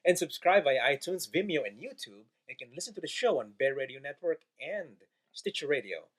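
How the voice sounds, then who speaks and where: A man hosting a podcast in casual chat, lively and often restarting his sentences. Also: a little high, fairly quick, slightly rough, rough recording. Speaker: podcast host.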